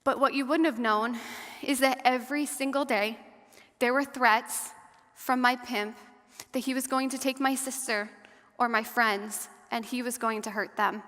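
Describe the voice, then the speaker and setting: Woman guest speaker, fairly high voice, earnest testimony, measured delivery, long hall reverb. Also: steady tone. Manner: earnest and measured, slowing and softening at hard moments. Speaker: guest speaker and survivor advocate. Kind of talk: personal testimony talk to an audience. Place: large hall or church.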